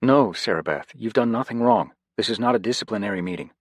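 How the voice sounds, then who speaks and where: Man doing a calm, confident dad. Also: lowish voice, fast talker, no echo, pitched above the performer's own voice, lightly acted. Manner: calm and firm. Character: steady, newly confident father.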